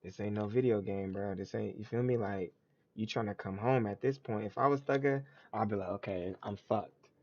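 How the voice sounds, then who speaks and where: Gravelly man ranting on a livestream. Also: on the low side, fairly even intonation, fairly quick, muffled recording. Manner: slangy, blunt, repetitive. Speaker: livestream host. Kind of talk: casual livestream commentary.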